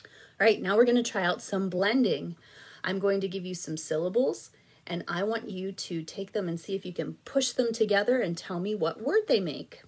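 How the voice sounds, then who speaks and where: A woman teaching reading to children, patient and encouraging, slowly and clearly spelling out syllables. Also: mid-range voice, darkish tone. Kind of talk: slow, clearly enunciated instruction for children.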